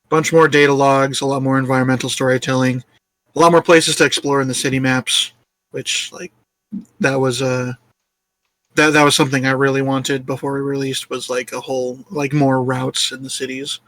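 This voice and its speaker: Bright-voiced joking game developer man. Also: mid-range voice, flat delivery, moderate pace, dry recording. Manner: jokey, self-deprecating, laughs often. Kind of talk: casual interview chat.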